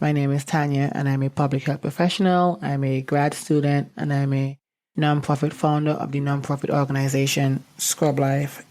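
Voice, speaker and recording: Young adult woman, low register, podcast host. Somber and reflective, teary and openly emotional. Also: darkish tone. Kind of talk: personal podcast monologue.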